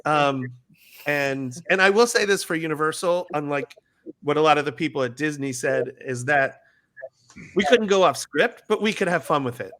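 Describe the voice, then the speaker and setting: A middle-aged man speaks with a bright, forceful tone that sits a touch high for a man. He tells his stories in a loose, casual interview style. Now and then he jumps way up in pitch to mimic squealing riders. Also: animated, normal speed. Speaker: guest, former ride skipper.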